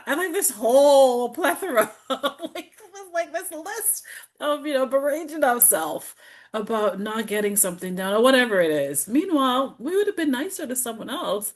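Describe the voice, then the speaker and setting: A woman's voice: sits high, lively intonation, moderate pace. A middle-aged woman, a healing practitioner, chatting as a podcast guest and acting out her own self-talk with lots of laughter. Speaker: guest, traditional Chinese medicine practitioner. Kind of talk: casual podcast conversation.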